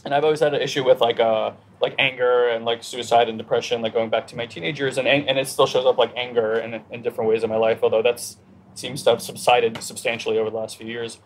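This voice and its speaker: Fast-talking man telling a story. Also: medium pitch, slight background noise. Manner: animated, acts out inner dialogue. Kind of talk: casual conversation, personal storytelling.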